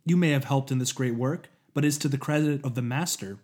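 A man voicing an arrogant older male master inventor in a storybook reading, with a pompous, booming, commanding delivery. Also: fast, darkish tone, natural voice.

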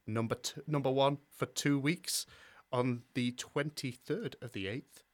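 A man's voice: medium pitch, unhurried. A man hosting a casual podcast chat, jokingly reading out chart dates. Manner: jokey, reads chart dates with mock ceremony. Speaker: podcast host.

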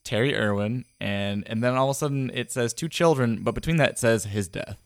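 A man co-hosting a podcast in casual chat, rambling with halting restarts and frequent laughs. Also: medium pitch, no room sound. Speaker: podcast co-host.

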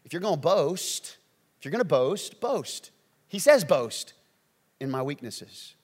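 Animated man preaching in a reverberant hall. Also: a little high, measured pace. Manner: animated, swings from hushed to shouting, acts out quotes. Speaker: pastor. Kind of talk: sermon.

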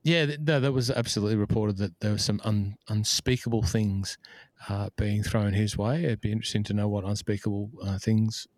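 A man's voice: fairly low pitch, fairly even intonation, brisk, darkish tone, no echo. A man co-hosting a casual golf podcast over a video call, chatting easily and laughing often, a self-described equipment nerd. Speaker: podcast co-host.

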